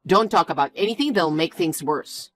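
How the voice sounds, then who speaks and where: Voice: medium pitch, lively intonation, moderate pace, fairly bright tone, close to an everyday voice. A stubborn young fiancé who talks bluntly and bossily, always on the defensive, as a story voice puts him on. The voice sits mid-range, with faint music behind. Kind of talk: scripted story dialogue.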